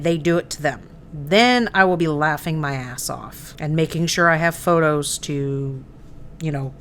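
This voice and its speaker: A woman's voice: fairly low pitch, a bit bright. A woman in her forties hosting a live painting stream, chatting casually and laughing easily. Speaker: host. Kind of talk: casual chat while painting miniatures.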